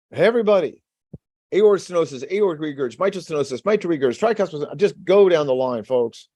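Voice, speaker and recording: High-ish energetic guy teaching a webinar, keeps getting everyone to repeat after him, dry close sound. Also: dry recording. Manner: energetic, call-and-response teaching; repeats key phrases with his audience. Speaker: PA exam prep instructor. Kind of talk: lively webinar lecture.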